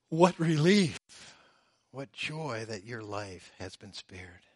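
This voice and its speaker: A man preaching a sermon, swinging between loud, drawn-out emphasis and hushed, low phrases. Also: husky, dry recording, studio quality. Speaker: pastor.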